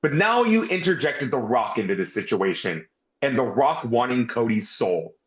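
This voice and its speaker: A man's voice: medium pitch, sing-song, moderate pace. A man co-hosting a casual wrestling review, talking animatedly and swearing often. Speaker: podcast co-host. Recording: roomy, dull lo-fi sound.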